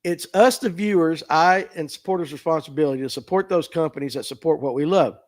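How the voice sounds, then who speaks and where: A man's voice: a little high, a little fast. A man with a Southern US accent hosting a casual livestream podcast, folksy and self-deprecating as he reads viewer comments. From Southern United States. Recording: phone mic.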